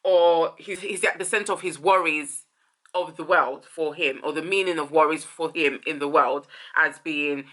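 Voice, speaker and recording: A woman's voice: low voice, fairly even intonation, normal speed, a bit bright. A woman hosting a casual song commentary, thinking aloud, rephrasing and trailing off as she muses. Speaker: host.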